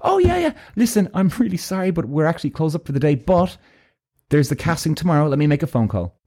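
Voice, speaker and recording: A man voicing a flustered, friendly female receptionist in a high, chirpy voice, as part of a spoken story. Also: big pitch swings, fast talker, warm tone. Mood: apologetic.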